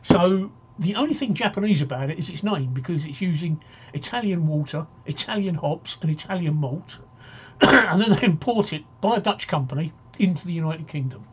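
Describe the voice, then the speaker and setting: A man's voice: fairly high pitch, animated, moderate pace, slightly rough. Chatty man on a muffled stream. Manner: chatty, rambling, jokey, reads viewer comments aloud. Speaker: talk show host. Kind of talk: casual live-stream chat.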